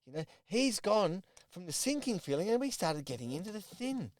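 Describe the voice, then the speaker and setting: A man's voice: high voice, big pitch swings, normal speed, slight background noise. A middle-aged man, a personal trainer talking to camera and telling a client's story in a conversational way, with repeated phrases and restarts. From Australia. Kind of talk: direct-to-camera coaching talk.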